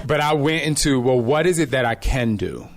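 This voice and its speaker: A man hosts a live podcast at a venue, his voice sitting in an ordinary middle pitch. He tells stories in an animated, direct way and speaks to his listeners like old friends, dropping in laughing asides. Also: normal speed. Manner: lively and direct, addresses listeners casually. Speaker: podcast host and fitness trainer. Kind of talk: live podcast talk to an audience.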